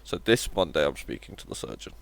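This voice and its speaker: Gravelly and rumbling low, this man's voice has a sing-song lilt and a fairly quick pace. He's live-streaming a game, bantering with viewers in a wry, joking manner and swearing casually.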